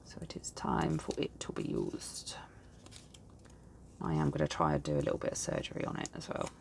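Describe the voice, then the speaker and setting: A woman's voice: rumbling low, fairly quick, gravelly, a little mellow, slight background noise. A tired woman in her thirties, chatting and rambling while she sets up her planner at home. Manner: rambling, chatty, self-deprecating. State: tired and yawning. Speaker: planner vlogger. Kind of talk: casual chat while crafting.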